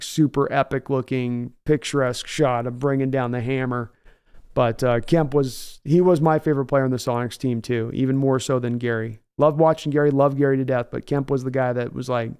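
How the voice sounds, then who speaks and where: A man's voice: medium pitch, darkish tone, clear, resonant tone. A man hosting a sports livestream in a casual, enthusiastic and rambling way, often restarting his words. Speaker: sports podcast host reading live chat.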